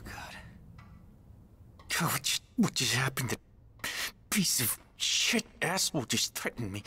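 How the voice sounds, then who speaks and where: A frazzled, stammering lawyer. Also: male voice, on the low side, sharp tone, a little hiss or hum, full character voice. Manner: stammering, nervous, exasperated. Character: honest male lawyer, indignant then panicked. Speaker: local lawyer. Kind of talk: game voice acting.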